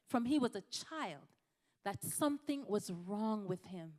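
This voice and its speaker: A woman's voice: mid-range voice, lively intonation, unhurried, a little mellow, big-room sound. A woman from Jamaica, a physician giving a conversational health talk to a church congregation, addressing the audience directly. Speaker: physician speaker.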